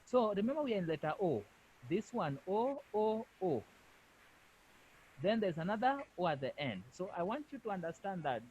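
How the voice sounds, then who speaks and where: A man's voice: high voice, sing-song, normal speed, darkish tone, lo-fi sound, slight background noise. A male French language lecturer giving an online lesson over a video call, repeating himself and firmly correcting students. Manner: repetitive, firm corrections.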